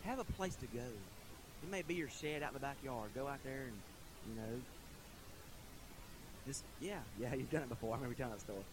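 A middle-aged man preaching a casual sermon in a church, folksy and conversational, chuckling often and rising to loud emphatic bursts. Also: mid-range voice, fairly quick, pauses often, noisy background. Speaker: pastor. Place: church sanctuary.

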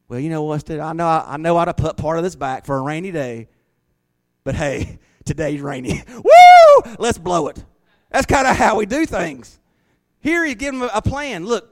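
A man preaching a sermon, swinging from quiet, low passages to loud, excited shouts. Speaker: pastor.

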